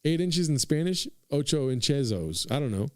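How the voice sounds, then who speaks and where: A man's voice: on the high side, expressive, moderate pace, a little mellow, smooth, no echo, studio quality. Rambling, profane young man telling a story. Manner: profane, rambling, says "dude" constantly, addresses listeners. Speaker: podcast host. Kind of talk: casual comedic storytelling.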